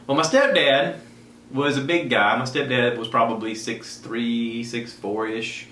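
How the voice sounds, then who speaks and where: A man telling a personal story as a podcast host, animated and jumping into the voices of people in his tale. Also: mid-range voice, normal speed, a little hiss or hum. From South Carolina. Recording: echoey room, faint ambience.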